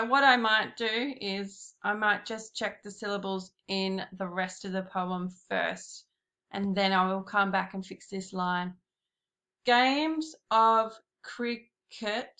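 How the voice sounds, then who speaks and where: A woman giving a slow, patient classroom lesson, talking straight to her pupils. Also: mid-range voice, pushed and bright. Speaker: primary school teacher.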